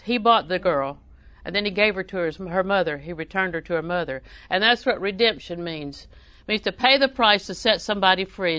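A woman's voice: medium pitch, pushed and bright, dry recording. A woman preaching a sermon, reading scripture aloud and telling folksy family stories.

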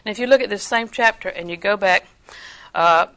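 Older woman preaching; bright, forceful, emphatic delivery, acts out quotes. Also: mid-range voice, brisk. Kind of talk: sermon.

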